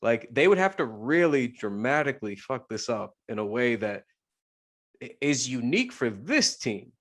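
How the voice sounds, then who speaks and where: A man's voice: medium pitch, sing-song, normal speed, a bit bright. A man co-hosting a sports podcast, talking casually and rambling with many restarts. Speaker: podcast co-host.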